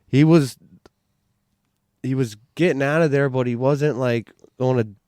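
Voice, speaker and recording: A man telling a hunting story on a podcast, excited and rambling, restarting sentences and swearing casually. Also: medium pitch, unhurried, no room sound. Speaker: podcast guest, bowhunter.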